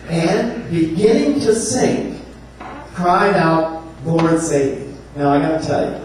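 A man preaching a sermon, telling the story in an animated, humorous way and acting out voices. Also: high-pitched. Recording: echoey room from far off, faint noise.

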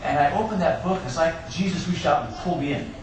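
A man's voice: a little high, fast talker. A man preaching an Easter sermon, telling personal stories with joking asides. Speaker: pastor. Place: church sanctuary. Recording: echoey church room, distant mic, background hiss.

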